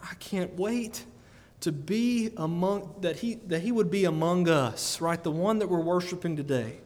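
A man preaching a sermon, animated and often breaking into laughter between emphatic peaks. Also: high-pitched, a little slow. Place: church sanctuary. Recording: long church reverb.

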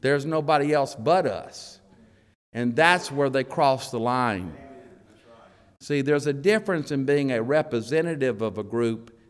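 A male preacher delivers a sermon at an unhurried, measured pace, leaning into key words and letting long pauses hang between phrases. His voice sits in an ordinary middle register. The sound carries a long reverb, as if heard in a large church sanctuary. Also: mid-range voice, animated, clear, resonant tone. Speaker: elder preaching to his congregation.

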